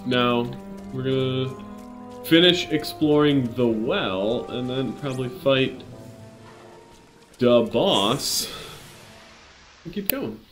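A man hosts a gameplay session in a relaxed, unhurried way, tossing off dry, self-deprecating jokes. His pitch sits in a middle range. Game music plays faintly behind him. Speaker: gameplay host. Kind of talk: casual let's-play commentary.

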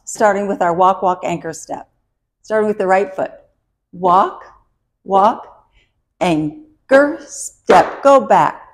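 A woman teaching a line dance step by step, counting the beats aloud while she dances, upbeat and encouraging. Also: mid-range voice.

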